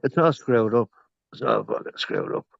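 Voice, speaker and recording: A man talking on a phone in a rambling casual chat, swearing a lot and swinging from loud outbursts to whispers. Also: medium pitch, huge pitch swings, normal speed, gravelly, dry recording, highs cut off.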